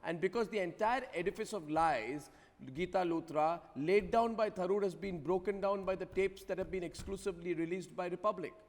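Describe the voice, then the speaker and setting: Forceful high-voiced male news anchor. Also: long reverb tail. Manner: forceful, rapid-fire rhetorical questions. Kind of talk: heated TV news debate.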